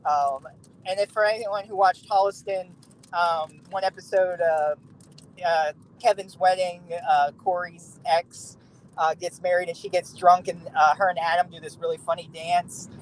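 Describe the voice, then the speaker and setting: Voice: medium pitch, steady tone, unhurried, a little hiss or hum, poor audio. A podcast guest chatting casually and telling a rambling story, with many fillers and laughs. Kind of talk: casual chat.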